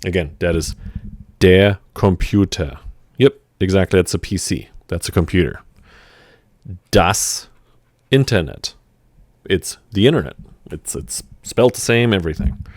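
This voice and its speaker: A man giving a relaxed, chatty language lesson, with fillers and restarts. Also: sits low, moderate pace, dry recording. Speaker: language teacher. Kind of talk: casual vocabulary lesson.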